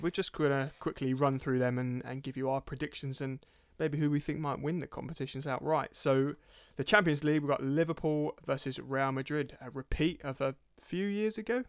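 Brief: young podcast co-host, jokey and sweary, dry close-miked sound. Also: male voice, mid-range voice, fairly even intonation, fairly quick, hardly any pauses, clean tone, dry recording. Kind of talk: casual football podcast chat.

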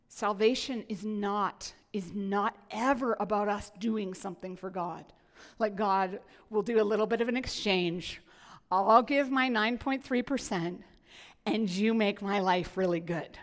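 A woman pastor preaching a sermon in an animated, playful way, often restarting her sentences. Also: medium pitch, in a large hall.

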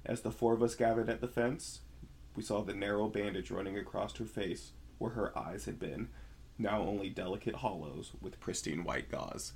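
A man co-hosting a podcast, reading a horror story aloud and then chatting, relaxed and laughing easily. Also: fairly low pitch, moderate pace, slight background noise. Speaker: podcast co-host.

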